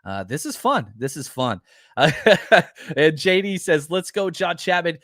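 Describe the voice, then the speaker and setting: A man's voice: a little high, sing-song, a little slow, fairly bright tone, dry recording, clean studio sound. Upbeat talky male podcast host. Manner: enthusiastic, rambling with many fillers. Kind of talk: live-stream podcast chat.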